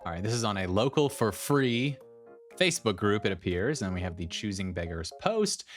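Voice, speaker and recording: A man's voice: fairly low pitch, normal speed, faint music behind. A man narrating online posts aloud and adding conversational, amused commentary. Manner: lively, conversational, amused asides. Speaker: narrator of reader stories.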